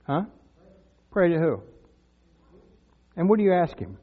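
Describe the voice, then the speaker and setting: An older man preaching a sermon in a church, earnest and conversational, rising to loud cries when he voices prayers. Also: on the high side, big pitch swings, unhurried. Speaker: pastor. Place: church sanctuary. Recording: tinny lo-fi sound with long church reverb.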